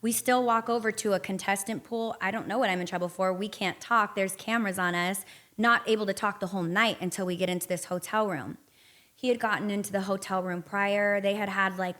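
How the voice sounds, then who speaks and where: A woman's voice: mid-range voice, a bit bright. Frank, profane woman telling her story. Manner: frank and profane, reenacting past conversations. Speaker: podcast guest. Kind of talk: candid interview storytelling.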